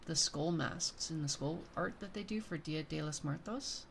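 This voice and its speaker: Young adult female streamer, low-ish gravelly voice, excitable rambling chat. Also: normal speed, a little hiss or hum. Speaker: VTuber streamer.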